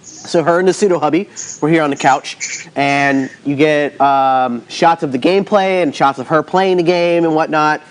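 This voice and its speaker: A man hosting a casual talk show, telling lively stories and laughing often. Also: fairly high pitch, normal speed, slight background noise. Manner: animated storyteller, laughs often. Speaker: podcast host. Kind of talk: casual chat.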